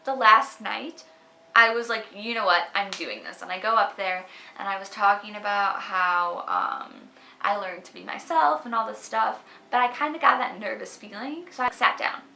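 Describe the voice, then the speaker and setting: A woman's voice: medium pitch, normal speed, gravelly, pushed and bright. A young woman talking casually to her camera in a chatty vlog style, filling her speech with "like". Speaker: vlogger. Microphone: camera mic. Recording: echoey room.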